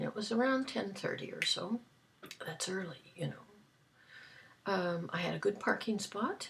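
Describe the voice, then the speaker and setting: Slow, gravelly woman telling stories. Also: lowish voice. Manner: chatty, rambling, with fillers. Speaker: storyteller. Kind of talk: casual storytelling.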